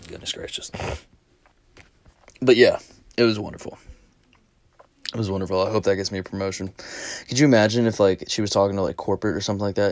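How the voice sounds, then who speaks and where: Casual vlogger, male, low voice, rambling profane storyteller, laughs as he talks, dry close sound. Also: steady tone, quick pace, long pauses, dry recording.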